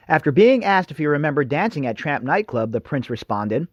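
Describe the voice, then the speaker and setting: A male radio host ranting in a sarcastic, mocking tone. His fairly high voice rises and falls a lot. The sound is dry and slightly dull. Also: sing-song, a little fast, hardly any pauses, dry recording. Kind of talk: opinionated commentary monologue.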